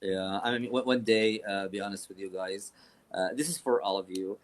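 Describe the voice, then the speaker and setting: A man from Saudi Arabia hosting a casual live stream chat, talking rapidly with many fillers and frequent laughs. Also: on the low side.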